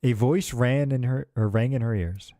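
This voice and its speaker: A man's voice: mid-range voice, moderate pace, mellow, no room sound, studio quality. A man streaming a game, casually reading the story text aloud with asides. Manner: casual, with filler asides and restarts.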